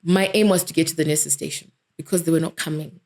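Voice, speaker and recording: A woman, a dentist telling her personal story as an interview guest in a vivid, animated way. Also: deep voice, fast. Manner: vivid, animated storytelling, self-described vocal.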